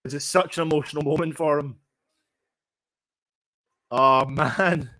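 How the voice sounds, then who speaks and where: A young man giving excitable, emotional fan play-by-play during a live match watchalong. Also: a little high, unhurried, no room sound. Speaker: fan commentator.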